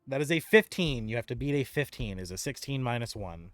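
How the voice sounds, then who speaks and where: A man narrating a tabletop game as game master, lively and animated. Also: medium pitch, a little fast, no room sound, faint music behind.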